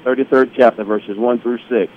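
A man who is a pastor, calling in to a radio show, brisk and matter-of-fact. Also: mid-range voice, fairly even intonation, slight background noise. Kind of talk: phone call to a radio show. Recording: lo-fi phone line.

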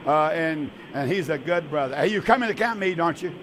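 A man's voice: on the high side, animated, fast talker. An older man, hosting a religious radio call-in show as pastor, emphatic and repetitive. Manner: warm, emphatic, repetitive preacher's talk.

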